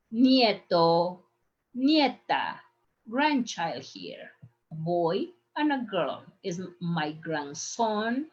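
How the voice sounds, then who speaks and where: A woman with a husky, medium-pitched voice teaches Spanish over slides in an online lesson, the recording's high frequencies cut off. She speaks patiently, repeating words so learners can drill them.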